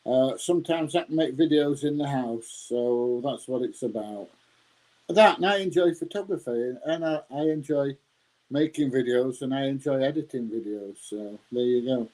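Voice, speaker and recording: A man's voice: mid-range voice, dark tone, rough recording. A man, rambling casually as he answers his viewers' live chat and calling them mate. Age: 60s. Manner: rambling, chatty, laughs often, says mate.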